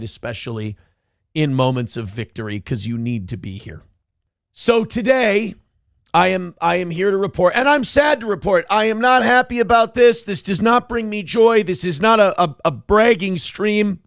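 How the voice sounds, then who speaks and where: A man's voice: high-pitched, no echo. A man hosting a livestream, giving a sarcastic, boastful, mock-solemn monologue into a close studio mic. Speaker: radio host streaming.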